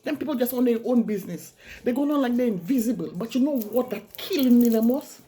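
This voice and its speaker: A woman's voice: a little high, animated, a little fast, dark tone, slightly rough. A woman with a Saint Lucian accent ranting bluntly in a casual vlog, repeating herself for emphasis. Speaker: vlogger.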